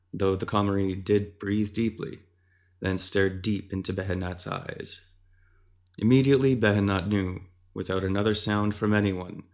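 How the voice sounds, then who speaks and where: A man giving measured, scripted narration of a fantasy story. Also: fairly low pitch, vocal fry.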